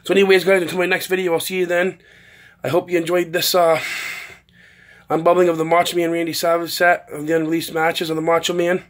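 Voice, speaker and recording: Guy from canada rattling off a list for his vlog, kinda high voice, lots of ums. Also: level tone, fast. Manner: reads a long list, many ums. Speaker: vlogger. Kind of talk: casual unboxing video.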